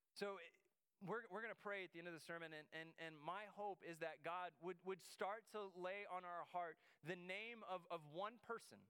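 A man's voice: high voice, bright, forceful tone, clean tone. A man preaching a sermon as pastor, telling a story with many restarts and repeated words. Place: church sanctuary.

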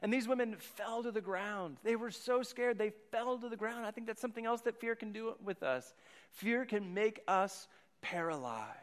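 High, bright-voiced man preaching in a hall. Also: fairly even intonation, fairly quick, hardly any pauses. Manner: rambling storyteller, repeats words. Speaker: pastor. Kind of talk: sermon with personal story. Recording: long hall reverb.

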